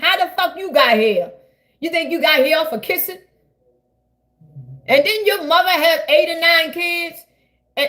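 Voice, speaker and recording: A woman, ranting loudly and profanely to her viewers on a live stream. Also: sits high. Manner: loud, profane, rambling, talks straight to viewers. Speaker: livestreamer. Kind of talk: casual live-stream rant.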